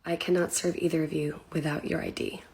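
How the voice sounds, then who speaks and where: A woman's voice: sits low, level tone, brisk, vocal fry, darkish tone. A woman voicing a stern bartender who keeps firmly refusing service.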